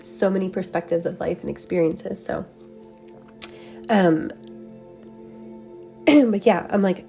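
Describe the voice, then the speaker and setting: A woman with a mellow, slightly low voice drifts through a spiritual transmission, wandering from thought to thought with plenty of soft fillers. Faint music plays quietly under her. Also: slow pace, creaky, long pauses. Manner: dreamy, meandering, many "like" and "um" fillers. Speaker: spiritual channeler. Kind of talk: meditative energy transmission talk.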